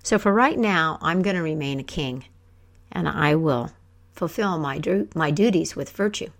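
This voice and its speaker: A woman voicing a calm, wise king in a told folk tale, speaking measured and kindly. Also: low-pitched. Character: calm wise king, middle-aged man.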